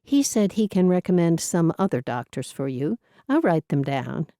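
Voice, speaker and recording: A woman's voice: on the low side, sing-song, normal speed, warm tone, dry recording, studio quality. A woman voicing a polite, businesslike female receptionist.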